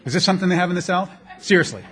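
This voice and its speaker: A middle-aged man preaching a sermon as a pastor, animated and joking, with laughs along the way. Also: high-pitched, rapid-fire.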